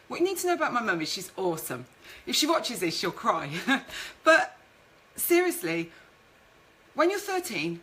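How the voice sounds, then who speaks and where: A chatty woman hosting a live stream, her voice bright and forward. She talks casually, reads out comments from viewers and tells stories from her own working life, with a faint hiss of noise behind her. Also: on the high side, sing-song, measured pace, low-quality recording. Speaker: networking show host and speaker.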